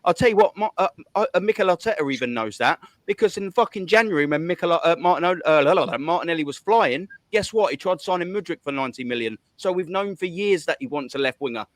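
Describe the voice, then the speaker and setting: A man's voice: a little high, animated, no room sound. A man, hosting a heated fan rant, swearing a lot and hammering his points home. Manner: fast, swearing, repetitive counting. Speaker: host.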